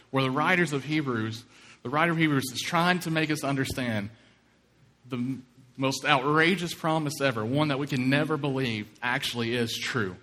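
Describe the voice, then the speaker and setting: Pastor from Kentucky in a reverberant church. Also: male voice, a little high, fairly bright tone. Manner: storytelling, acting out quoted voices. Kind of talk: sermon. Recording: long hall reverb.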